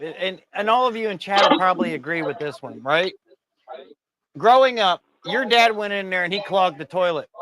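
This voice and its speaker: A man's voice: high-pitched, a bit bright. A man co-hosting a casual talk show, telling profane, exasperated stories about his work. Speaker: podcast co-host. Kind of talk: casual ranting storytelling.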